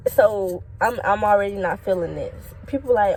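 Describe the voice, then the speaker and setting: A young woman vlogger tells her viewers a casual, profane storytime about quitting her job, speaking to them directly in a blunt, animated way. Her voice is medium-pitched and fairly quick with a breathy edge, and the recording is dry.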